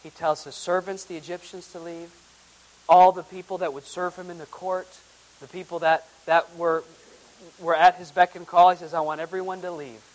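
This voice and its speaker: High-voiced preacher with dramatic swings. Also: male voice, little pitch movement, moderate pace, poor audio. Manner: dramatic, swinging from loud emphasis to hushed near-whispers; reads scripture aloud in old formal wording, then explains it. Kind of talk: verse-by-verse Bible teaching sermon.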